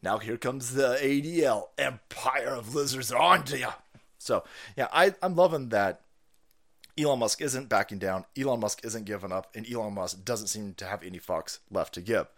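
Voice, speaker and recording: A man's voice: mid-range voice, moderate pace, fairly bright tone. A man hosting a political stream, ranting in a foul-mouthed way with frequent laughs. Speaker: streamer host. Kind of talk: profane political rant stream.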